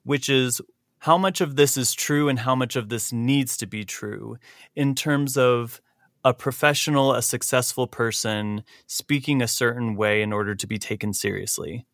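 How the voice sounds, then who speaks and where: Bright, lively male podcast host, dry close-mic sound. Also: normal speed, no room sound. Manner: animated, laughs often, big pitch jumps. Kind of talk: casual podcast chat.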